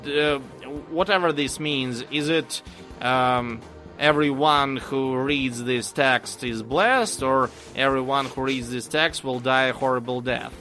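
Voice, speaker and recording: Slow, bright-voiced man. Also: mid-range voice, faint music behind. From Russia. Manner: storytelling with pauses and fillers, dry humor. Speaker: podcast co-host. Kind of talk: casual chat.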